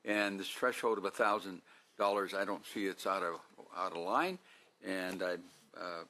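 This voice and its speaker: A senator, a man with a low voice, speaks up on the committee in support of a bill. He talks plainly and a little slowly, as if thinking it through. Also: bright, forceful tone, slight background noise.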